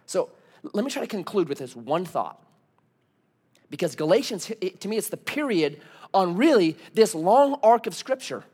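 A male pastor delivers a sermon with a high voice that swings widely in pitch. He talks to the congregation conversationally, telling stories and throwing out rhetorical questions. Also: big pitch swings, moderate pace, darkish tone, breathy edge.

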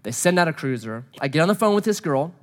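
Earnest man preaching with a higher voice. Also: animated, quick pace. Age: adult, married. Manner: earnest, drops to hushed low tones then builds to emphatic pleas. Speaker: speaker addressing a gathering. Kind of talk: personal testimony sermon.

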